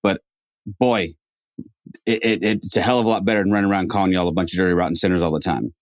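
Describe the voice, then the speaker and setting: Low voiced podcast host guy, reflective, keeps restarting, dry sound. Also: steady tone, quick pace, no echo. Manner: reflective, restarts phrases often. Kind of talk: casual conversation.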